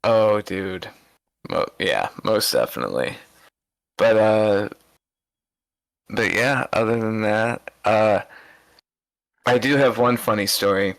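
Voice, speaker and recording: A podcast co-host rambles through casual anecdotes, full of restarts and fillers. His lowish voice is animated yet slow, with vocal fry and long pauses. The recording is low in quality.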